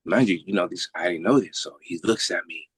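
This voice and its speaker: Deep-voiced man telling a story animatedly. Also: brisk, slightly rough, no echo. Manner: animated, swears freely, acts out quoted voices. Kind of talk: casual storytelling.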